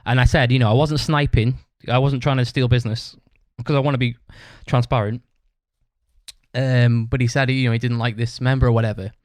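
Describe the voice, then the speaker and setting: A man's voice: mid-range voice, no room sound. A man hosting a podcast, telling a rambling story, swearing constantly and tagging his sentences with "right?". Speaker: podcast host. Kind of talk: casual storytelling monologue.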